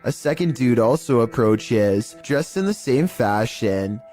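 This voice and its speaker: A man giving scripted narration of eerie video clips in a measured, even storytelling delivery. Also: mid-range voice. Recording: faint music bed under voice.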